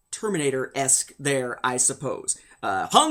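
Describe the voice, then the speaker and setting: A man's voice: on the high side, animated, a little fast, fairly bright tone. A man hosting a casual spoken review, rambling along with dry jokes and asides. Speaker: host of a book and comic review show.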